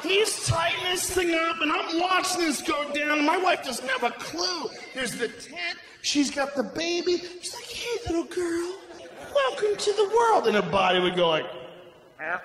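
A middle-aged man doing a stand-up comedy set, telling a story loudly and profanely with shouted bursts. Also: very high-pitched, expressive, normal speed, hardly any pauses, noisy background. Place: comedy venue on stage. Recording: echoey live venue with ambience.

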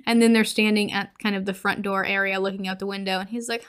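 A chatty young woman recaps a horror film for her podcast in an easy, conversational way. She laughs often and slips into quick quoted lines for each character. Her voice sits at a middle pitch for a woman. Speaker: podcast host. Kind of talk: casual movie recap.

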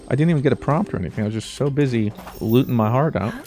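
A man commentating his own gameplay as a video host, joking around and breaking into sudden high yelps. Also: animated, rapid-fire, few pauses, over music. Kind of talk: let's play commentary.

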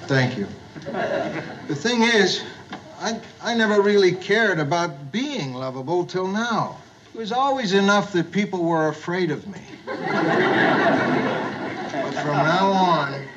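Man playing a gruff middle-aged boss, overeager cheer, highish voice, hissy old tv sound. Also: unhurried, pauses often, highs cut off, close to an everyday voice. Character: gruff middle-aged male boss turned eager bar host. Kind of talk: 1970s studio sitcom acting.

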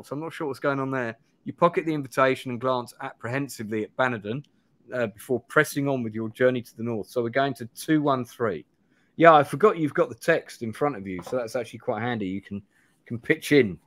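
A man's voice: medium pitch, a bit bright. A man in his forties hosting a live play-through, reading a gamebook aloud with restarts and asides. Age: 40s.

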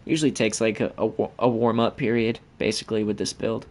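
A man's voice: on the low side, little pitch movement, a little fast. A man giving profane, trash-talking commentary over his own gameplay as the channel host.

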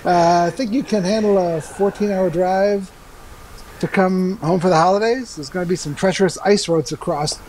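Deadpan man reading lines as a dad. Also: high voice, normal speed, slight background noise, poor audio. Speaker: let's play co-host. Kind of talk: reading game dialogue as the dad.

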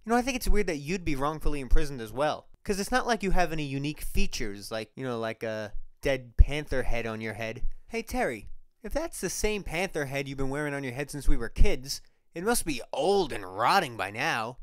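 A goofy, clueless young man, played by a man, rambling along in a smooth, clear voice whose pitch bounces all over. It is recorded close, with a dry, dead-sounding mic. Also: big pitch swings, brisk, a bit bright, dry recording. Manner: rambling, goofy, self-assured.

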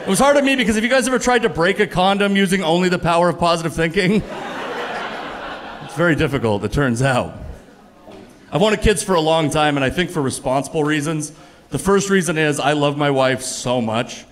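A man in his thirties performing a stand-up comedy set for a live audience, deadpan and profane, rising to loud exasperated punchlines. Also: on the high side, a little fast, slight background noise. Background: audience laughter.

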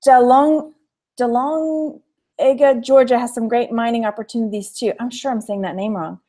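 Chatty Texan woman with a high voice. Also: steady tone, fast talker, mellow. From Texas. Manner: chatty, laughing, reads viewer comments aloud. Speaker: thrift haul livestream host. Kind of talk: casual live-stream chat.

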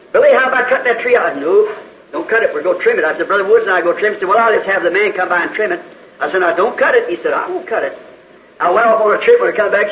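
A high-pitched man in his fifties with a Southern US accent tells homespun stories from the pulpit, acting out the voices of the people in them. His prayers climb into earnest pleading. The sound comes from a dull, lo-fi 1960s church tape that is roomy, with a faint hiss underneath. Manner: folksy, acts out quoted voices, rises to pleading prayer. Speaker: preacher. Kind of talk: storytelling sermon. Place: church auditorium.

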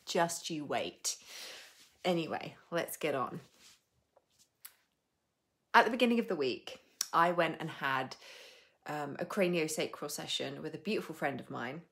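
A young adult woman with a low voice, chatting casually to viewers on a live stream. She rambles and laughs a lot. She drops the odd swear word without fuss. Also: normal speed, pauses often, fairly bright tone. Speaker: coach hosting a live stream.

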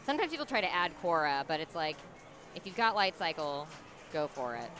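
A woman's voice: low-pitched, very animated, a bit bright, soft background music. A woman giving casual play-by-play commentary on a pinball tournament and chatting about strategy. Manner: chatty, quick reactions, lots of fillers.

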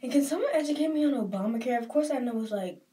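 A woman's voice: high-pitched, lively intonation, fast talker, mellow, distant mic. A young woman with a Southern US accent talks casually and emotionally while getting ready, rambling and saying "like" a lot. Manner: rambling and emotional, often says "like". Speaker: vlogger.

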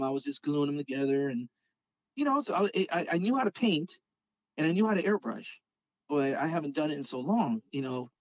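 Animated man telling stories. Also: on the high side, no room sound, lo-fi sound. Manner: rambling, animated, acts out quoted dialogue. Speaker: podcast guest, scale model car artist. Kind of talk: casual storytelling chat.

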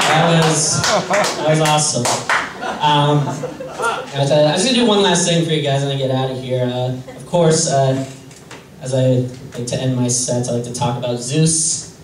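A man doing a stand-up comedy set on a club stage, deadpan and self-deprecating, hesitant with many fillers. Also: mid-range voice, normal speed, pauses often. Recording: roomy distant club recording with noise.

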